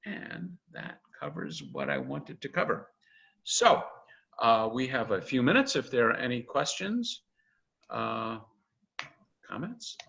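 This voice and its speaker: An older man, a rabbi, giving a chatty, animated informal lecture, quoting texts with frequent "uh"s. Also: medium pitch, takes it slowly, creaky. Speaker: rabbi teaching an intro class. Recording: dull lo-fi video-call audio.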